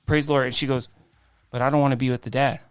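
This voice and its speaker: A man, a guest on a faith podcast, telling his life story in an animated way, acting out quoted dialogue. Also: medium pitch, fast, clear, resonant tone, dry recording. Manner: frequent restarts and "I'm like" quoting.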